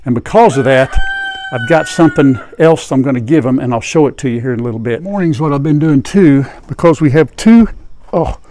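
An older man, a farm vlogger, chatting casually and soothing his hens at the coop, often dropping to a hushed voice. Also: mid-range voice, brisk, a little hiss or hum. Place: outdoors at a chicken coop. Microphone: lapel mic. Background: hens clucking, rooster.

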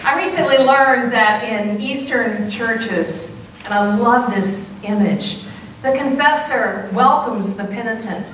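A woman priest preaching a sermon, slow and deliberate with playful conversational asides. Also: medium pitch, a little hiss or hum. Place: church sanctuary. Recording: echoey church heard from a distance.

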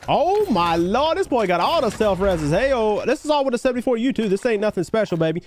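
A man's voice: sits high, very animated, quick pace, hardly any pauses. A man live-streaming a shooter game, chatting with teammates and viewers in a hyped, slangy way, calling everyone baby and bro. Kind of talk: casual gameplay chat with teammates and viewers.

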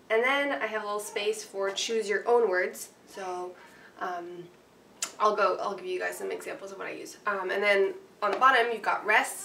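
A woman piano teacher talking through a worksheet in a casual, chatty way, full of fillers and quick checks with her listeners. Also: mid-range voice, fairly bright tone, a little hiss or hum. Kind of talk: casual instructional walkthrough. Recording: roomy, distant mic with faint ambience.

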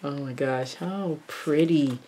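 A woman with a low voice narrates a casual unboxing at an unhurried pace, gushing over every piece and slipping into soft murmurs. Faint hiss and paper crinkling sit under her voice. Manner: gushing, exclaiming over each item, drops into soft murmurs. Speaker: craft vlogger unboxing a haul.

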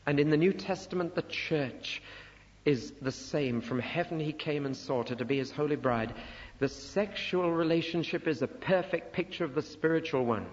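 An older man giving a Bible teaching sermon, emphatic and rising sharply on rhetorical questions. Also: medium pitch. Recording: muffled recording in a reverberant hall.

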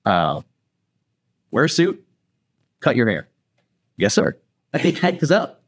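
A husky, medium-pitched man speaks slowly in a dry recording. Appearing as a podcast guest, he tells a story casually with plenty of energy, performing the voices of the people in it.

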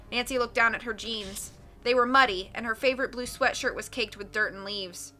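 A woman narrating an audiobook in a clear, expressive reading voice. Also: on the high side, a little fast, faint music behind. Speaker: audiobook reader.

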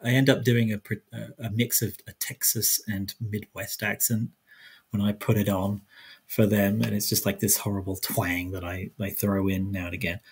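A man's voice: lowish voice, flat delivery, moderate pace, husky. A man from South London, his accent blended with American, answering interview questions in a chatty, rambling way with many restarts. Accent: South London English mixed with American. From South London, England. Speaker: guest historian.

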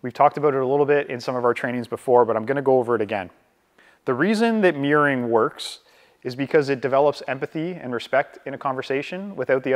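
A Canadian man speaking in a mid-range voice leads a live real estate session on a video call, his words trailing a long reverb. Conversational throughout, he asks "right?" again and again and slows deliberately to model composure.

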